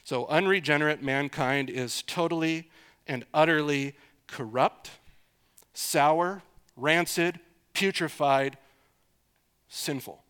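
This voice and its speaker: Middle-aged male preacher, conversational teaching sermon, slightly higher pitch, asks the room questions. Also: takes it slowly, long pauses, fairly bright tone, clean tone. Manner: conversational, repeats for emphasis, asks listeners questions. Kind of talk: expository sermon.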